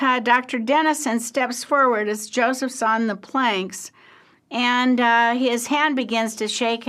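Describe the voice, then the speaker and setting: A slow-spoken older woman gives a history lecture in a storytelling way. Her voice sits a little high for a woman. She pauses often, stumbles over words and adds chatty asides as she goes. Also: a bit bright. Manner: slow, halting, with many fillers and asides.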